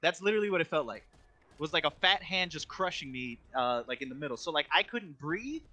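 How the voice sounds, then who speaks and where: A man's voice: on the high side, lively intonation, fairly quick, bright, forceful tone. A young man co-hosting a podcast, telling a story in casual chat, rambling with constant filler words and restarts. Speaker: podcast co-host.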